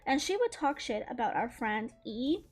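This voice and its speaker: A woman's voice: fairly high pitch, big pitch swings, moderate pace, husky. A young woman from the American South with a Southern accent, telling a casual storytime while drawing, chatty and laughing often. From Southern United States.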